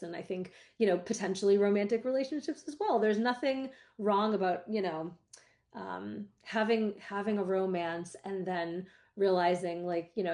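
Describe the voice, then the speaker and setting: A woman's voice: medium pitch, mellow. A woman screenwriter appearing as a podcast guest, speaking reflectively and meandering, with many fillers. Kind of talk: casual interview chat.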